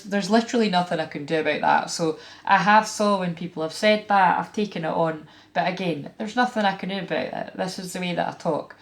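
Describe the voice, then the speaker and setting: A Scottish woman hosting a spiritual reading vlog, talking frankly and chattily with plenty of fillers and asides. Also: on the low side. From Scotland. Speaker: tarot reader and spiritual channeler. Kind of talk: casual spiritual vlog talk.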